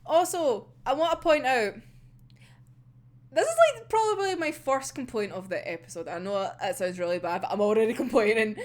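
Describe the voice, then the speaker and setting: A young Scottish woman who reviews anime talks through an episode in a loose, chatty, expressive way at a normal speed. Her fairly high voice swings widely in pitch as she gets worked up, and she often breaks into laughter and drops casual swears.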